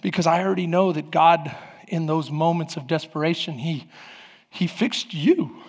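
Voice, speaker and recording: Soft reassuring wife, a man quoting her, hushed, echoey hall. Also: on the high side, normal speed, background noise, lightly acted. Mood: tender. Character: gentle, reassuring pastor's wife. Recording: long hall reverb.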